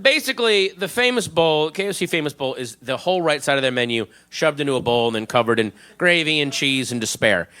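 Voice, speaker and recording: A man's voice: fairly high pitch, lively intonation, fairly quick, few pauses, bright, forceful tone, smooth. A man doing a stand-up comedy set, rambling, profane and self-mocking.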